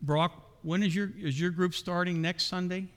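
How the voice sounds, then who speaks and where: The long reverb of a church sanctuary surrounds this middle-aged pastor as he preaches. His voice is high and steady, moving at a normal speed while he asks the congregation rhetorical questions.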